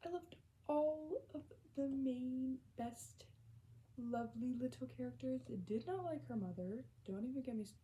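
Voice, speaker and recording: A young woman vlogging about books she has read, gushing and excitable, repeating herself and often dropping into whispers. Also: sits high, normal speed, slight background noise, low-quality recording. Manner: lots of repetition and swearing. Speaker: book vlogger. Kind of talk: casual reading vlog.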